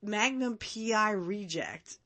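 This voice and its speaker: A woman's voice: mid-range voice, animated, slow, a bit bright. A woman hosting a casual watch-along podcast, chatty and rambling, often breaking into laughs. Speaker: podcast host.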